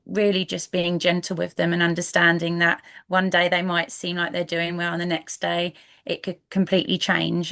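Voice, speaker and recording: A woman with a Brighton accent, a guest coach in a podcast interview, speaking softly and hesitantly with many fillers. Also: fairly low pitch, gravelly. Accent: Brighton English. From England.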